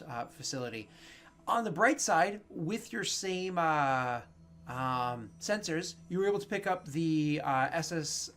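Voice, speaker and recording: A man's voice: medium pitch, creaky, a bit bright. A man narrating as game master of a tabletop game, rambling along with many fillers and self-corrections.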